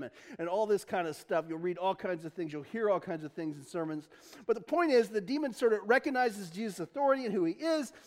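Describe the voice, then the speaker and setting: Animated high-pitched preacher man. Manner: animated, chuckles often, folksy asides. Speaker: pastor. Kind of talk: casual conversational sermon.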